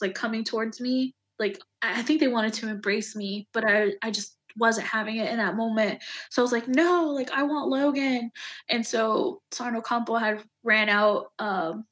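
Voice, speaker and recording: A woman in her thirties, an Army veteran, telling a personal story in an interview in a halting, emotional way, full of fillers and restarts. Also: on the high side, a bit bright.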